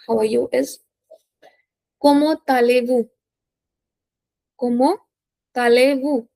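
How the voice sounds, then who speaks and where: In a high, mellow voice with no echo, a young woman leads a slow French lesson for beginners. She's patient, repeats every word, says "okay?" often, and phrases her English like a non-native speaker.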